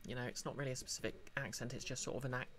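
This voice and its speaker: A woman's voice: rumbling low, fairly even intonation, racing, background noise. Chatty woman streamer, Midlands-Welsh accent. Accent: mixed Midlands and Welsh. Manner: chatty, reads and answers chat, self-deprecating asides. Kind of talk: live gameplay commentary. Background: game music.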